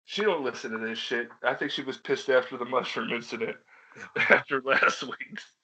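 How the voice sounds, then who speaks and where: A man's voice: mid-range voice, normal speed, sharp tone, husky, low-quality recording. A young man, co-hosting a podcast and telling rambling, profane stories while laughing at himself. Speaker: podcast co-host. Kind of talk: casual storytelling chat.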